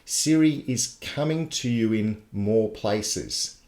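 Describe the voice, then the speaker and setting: A man's voice: on the low side, slow, a little mellow. Echoey man teaching. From Australia. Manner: chatty step-by-step explaining. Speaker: tech tutor. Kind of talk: live webinar tutorial. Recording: echoey live broadcast.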